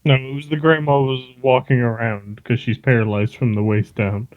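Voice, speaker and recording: Male co-host with dry, deadpan humor, on slightly muffled audio. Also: mid-range voice, moderate pace. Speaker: podcast co-host. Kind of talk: casual podcast chat. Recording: slightly dull podcast audio.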